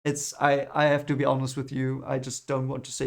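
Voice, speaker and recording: A man's voice: medium pitch, monotone, fairly quick, vocal fry. A man recapping a film in casual vlog talk, rambling and often stopping to correct himself and apologize. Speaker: film reviewer vlogger.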